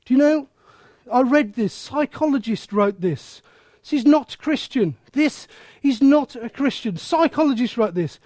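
A man's voice: extremely high pitch, expressive, measured pace, a little mellow, no room sound, clean studio sound. A man preaching a passionate sermon, breaking into snatches of sung choruses. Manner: passionate, bursts into snatches of song.

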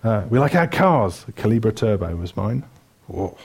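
A man's voice: on the low side, big pitch swings, moderate pace, gravelly, darkish tone, husky. Chatty joking male preacher. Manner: chatty and joking, lists things with many fillers. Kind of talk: sermon.

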